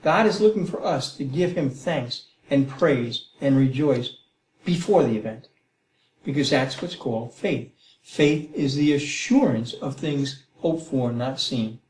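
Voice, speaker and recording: A middle-aged man teaching the Bible in a conversational way, animated and acting out prayers, often checking in with "Okay?" and "Right?". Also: mid-range voice, a little slow. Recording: roomy echo.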